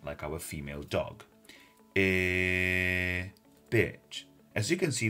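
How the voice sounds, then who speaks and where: A man with a British RP accent teaching pronunciation in an accent tutorial, speaking clearly and drilling words slowly and carefully. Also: low-pitched.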